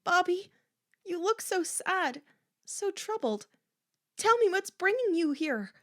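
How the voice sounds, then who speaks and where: A woman voicing a frightened teenage girl cheerleader, high and pleading. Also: lively intonation, takes it slowly, a bit bright, heavily acted.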